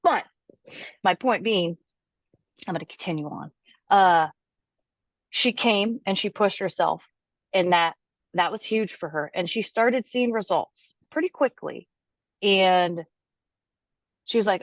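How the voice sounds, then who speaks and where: A woman personal trainer, a guest on a podcast, telling a client's story with animated quoting. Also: mid-range voice, slow, pauses often, no echo, muffled recording. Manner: animated, quotes her client's words aloud.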